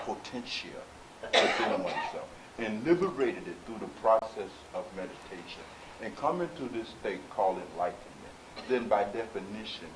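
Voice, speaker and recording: A man teaching as a spiritual leader before a live audience, emphatic, swinging from quiet asides to loud exhortation and speaking straight to his listeners. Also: on the low side. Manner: conversational, addresses listeners directly. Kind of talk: preaching lecture with audience questions. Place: meeting room with live audience. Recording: echoey room, faint hiss.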